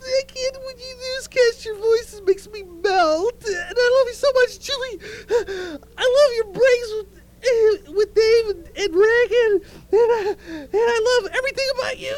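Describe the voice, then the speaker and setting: Gushing, sobbing caller, very high-pitched. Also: male voice.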